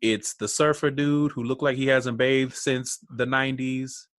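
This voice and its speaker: Man, podcast co-host, dry close-mic sound, middle pitch, blunt and profane, quick to laugh. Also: no echo. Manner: blunt, profane, laughs often, animated retellings. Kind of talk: casual reality-TV recap chat.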